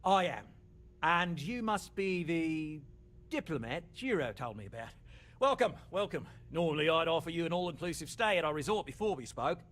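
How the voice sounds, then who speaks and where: A lively Australian resort boss. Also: male voice, fairly high pitch, moderate pace. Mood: salesy. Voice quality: chatty, salesman-like with chuckles. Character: upbeat male resort executive, salesy and smooth. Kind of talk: video game dialogue.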